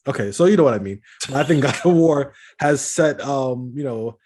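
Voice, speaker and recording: A man's voice: medium pitch, animated, moderate pace, darkish tone. A man co-hosting a gaming podcast in casual chat, rambling with many restarts and fillers. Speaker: podcast co-host.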